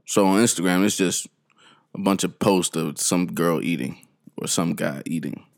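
A man's voice: deep voice, normal speed, gravelly. A man hosting a podcast in casual chat, joking around, rambling and laughing often. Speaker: podcast host.

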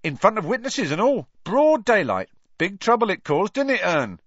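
A man voicing a brash, chatty young bus conductor, loud and excitable, on a dull lo-fi audiobook recording. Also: sits high, moderate pace, dry recording, pitched above the performer's own voice, heavily acted. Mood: gossipy. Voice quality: loud, excitable, dropped grammar.

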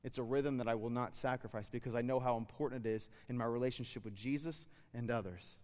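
A man's voice: medium pitch, fairly even intonation, fast, a little mellow, in a large hall. Man preaching a conversational sermon. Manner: conversational, building to fervent exhortation. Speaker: pastor.

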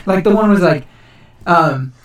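A man with a deep, raspy voice chatting casually on a podcast, laid-back and swearing a lot. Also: lively intonation, measured pace. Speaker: podcast guest. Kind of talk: casual chat.

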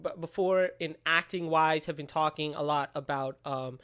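A man's voice: on the high side, fairly even intonation, moderate pace, fairly bright tone, clear, resonant tone. A young man co-hosting a casual podcast, rambling with many fillers and swearing freely. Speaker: podcast co-host and writer. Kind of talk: casual chat.

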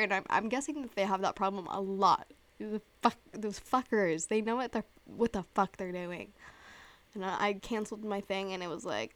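A woman in her twenties hosting a casual podcast. She tells a story with lots of "like" and swearing, acting out her own reactions in a voice that jumps up high. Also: a little fast. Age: 20s. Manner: animated storytelling, heavy use of "like" and swearing; acts out her own past reactions with big jumps in pitch. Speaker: podcast host. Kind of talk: casual chat.

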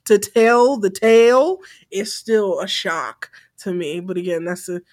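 A young woman co-hosting a podcast, talking in a blunt, animated, profane way, often laughing. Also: mid-range voice, measured pace. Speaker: podcast co-host. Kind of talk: casual chat.

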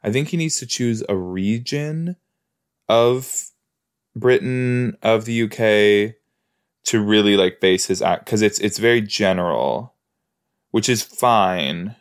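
A man's voice: fairly low pitch, slow pace. A man hosting a podcast, chatting casually and rambling with playful asides as he reacts to a TV episode he is watching. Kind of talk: casual watch-along commentary.

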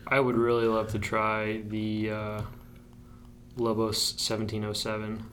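A man's voice: on the low side, completely flat delivery, a little slow, fairly bright tone, slight background noise. A man hosting a casual podcast, easygoing and a little hesitant, chuckling between thoughts. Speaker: podcast host. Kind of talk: casual chat.

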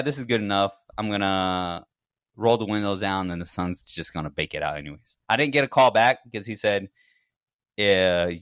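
A man's voice: low voice, fairly bright tone, no echo, studio quality. A man co-hosting a podcast, telling a long story in casual chat and acting out his own reactions. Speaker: podcast co-host.

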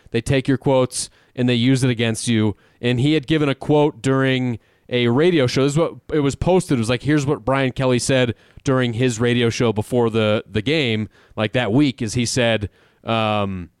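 Smooth-voiced man, casual sports chat. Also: medium pitch, no room sound, clean studio sound. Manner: animated, profane, laughs often. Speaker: podcast co-host.

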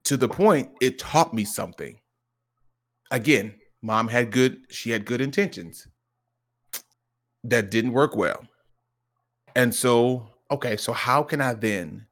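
A man with a mid-range voice speaks at a measured pace, leaving long pauses, while co-hosting a casual podcast. He tells his stories earnestly and reflectively, animatedly acting out quotes such as his son's lines.

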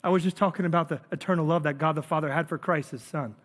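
A man's voice: fairly high pitch, steady tone, fast talker, a bit bright. A male pastor delivering a sermon in an earnest, emphatic preaching manner. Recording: long reverb of a large hall.

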